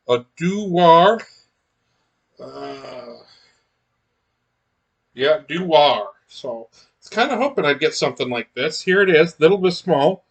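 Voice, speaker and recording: A man's voice: mid-range voice, a bit bright. A man chatting casually as he unboxes miniatures, rambling with many fillers and restarts. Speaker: miniatures collector unboxing blind boxes.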